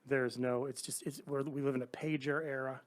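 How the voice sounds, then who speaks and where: A middle-aged man on a podcast, casually telling an animated story and acting out the other people's lines. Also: medium pitch, brisk. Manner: animated anecdotes, acts out quoted voices. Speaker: podcast guest.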